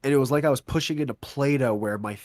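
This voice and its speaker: A young man co-hosting a podcast, telling a long story in casual chat, acting out quotes with lively voices and swearing. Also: mid-range voice, fast talker, no echo, studio quality. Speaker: podcast co-host.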